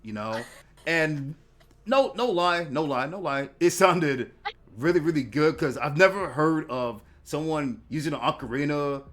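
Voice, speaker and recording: A man hosting a casual interview podcast, talking in a halting way with repeated words and lots of fillers. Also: fairly high pitch, animated, a bit bright. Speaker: podcast host.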